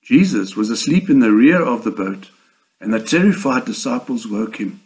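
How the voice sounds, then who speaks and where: A man's voice: mid-range voice, expressive, darkish tone, rough recording. Earnest man preaching a sermon. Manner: measured, earnest delivery with slow emphatic pauses.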